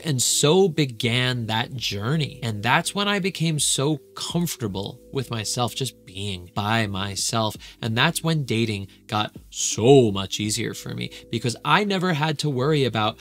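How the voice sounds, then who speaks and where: A man's voice: medium pitch, animated, normal speed, few pauses, a bit bright. A man who is a relationship coach giving earnest, emphatic advice in a reaction video.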